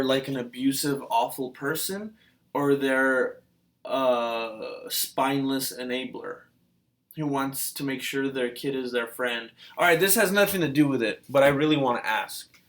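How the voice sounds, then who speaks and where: A man hosting a reaction video, talking in a casual, rambling way with many fillers and restarts, musing and asking questions out loud. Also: medium pitch. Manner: hesitant, full of fillers and restarts.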